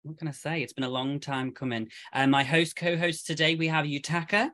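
A man's voice: on the high side, fairly even intonation, fairly bright tone, dry recording, clean studio sound. A man hosting a casual group podcast chat, playful and teasing as he introduces his co-hosts. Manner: playful, teasing, quick to joke. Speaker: podcast host.

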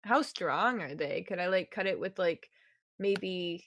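A woman's voice: on the low side, lively intonation, a little slow, fairly bright tone. A woman playing a tabletop game, giggly and hesitant as she thinks aloud. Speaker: player.

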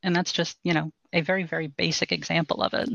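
A woman voice coach calmly explaining voice training in a podcast interview, in a measured, instructive way. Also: on the low side, gravelly, dry recording, dull audio.

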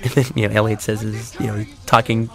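A man's voice: lowish voice, flat delivery, brisk, vocal fry, a bit bright, soft background music. A man giving a casual audio commentary on a film, rambling with many fillers and restarts and acting out audience reactions in a raised voice.

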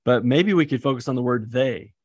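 A man's voice: mid-range voice, fast, darkish tone, husky, no room sound. A man who teaches seminary, thinking aloud with enthusiasm and fillers while talking through lesson ideas. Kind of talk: casual teaching-prep chat.

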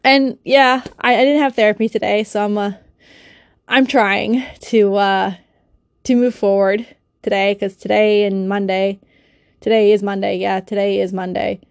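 A woman's voice: mid-range voice, level tone, measured pace, gravelly, clean tone, dry recording. A young woman with a cold and a stuffy nose, ranting emotionally in a personal vlog, swearing and rambling with many fillers and restarts, recorded on a phone or built-in mic. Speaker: vlogger.

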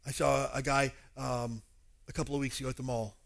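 A male pastor preaching a sermon, animated and acting out dialogues. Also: mid-range voice, brisk, vocal fry.

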